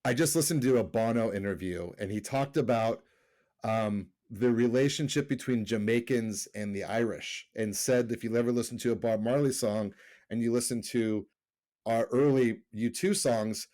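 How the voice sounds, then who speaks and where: A man's voice: medium pitch, moderate pace, dark tone. A middle-aged man co-hosting a podcast remotely, chatting casually, rambling and correcting himself as he goes. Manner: rambling, self-correcting, laughs easily. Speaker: podcast co-host. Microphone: remote call.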